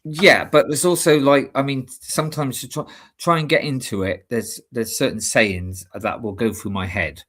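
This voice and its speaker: A man's voice: medium pitch, steady tone, normal speed, hardly any pauses, a bit bright. Chatty rambling male stream host. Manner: rambling, chatty, laughs often. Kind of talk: casual chat.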